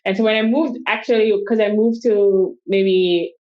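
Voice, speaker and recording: A woman's voice: medium pitch, moderate pace, phone-quality sound. A woman, a guest in a casual interview, telling stories with energy and acting out what people said to her. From Jamaica. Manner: animated storyteller who acts out quoted speech. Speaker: guest, solo travel coach.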